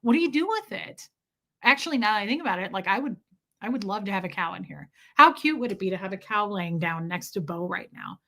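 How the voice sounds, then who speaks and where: A woman's voice: medium pitch, lively intonation, fast talker, pushed and bright. A young adult woman hosting a livestream, chatting casually and animatedly with her viewers. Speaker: livestream host.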